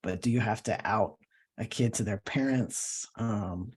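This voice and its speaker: Husky-voiced man, thoughtful interview guest. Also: on the low side, unhurried. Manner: thoughtful, searching for words. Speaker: guest, professor and cartoonist. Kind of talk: casual conversational interview.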